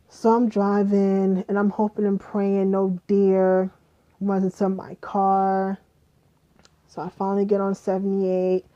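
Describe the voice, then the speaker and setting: A young adult woman casually retelling a story, animated and profane, acting out what everyone said. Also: mid-range voice, highs cut off. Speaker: vlogger.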